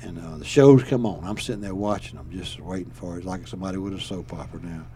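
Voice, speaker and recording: A man's voice: sits low, quick pace, warm tone, slight background noise. An older man from Alabama with a Southern accent, telling a story in a folksy, rambling way and chuckling as he goes. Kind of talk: casual storytelling.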